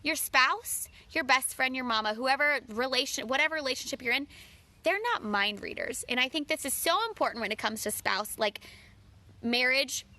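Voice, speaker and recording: A woman with a high, bright voice gives earnest relationship advice in a casual talk straight to camera. She calls her listeners friends and slips into playful voices for her own quoted lines. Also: normal speed.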